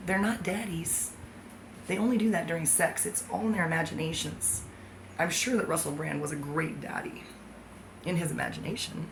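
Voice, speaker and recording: A woman's voice: sits low, vocal fry, noisy background. A woman vlogger talking to camera in a rambling, profane, sardonic monologue.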